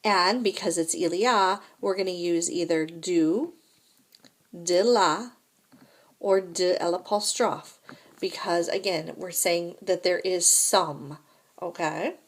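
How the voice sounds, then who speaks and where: A woman's voice: on the low side, slow pace. A woman teaching a recorded French lesson, explaining grammar step by step and checking in with "right?" and "okay?".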